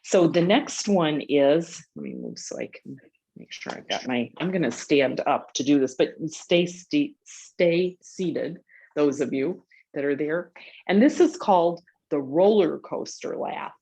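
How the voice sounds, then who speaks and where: A woman's voice: low-pitched, animated, unhurried, a little mellow, husky. A woman teaching a group laughter exercise over a video call, upbeat and chatty, laughing often. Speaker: laughter yoga instructor.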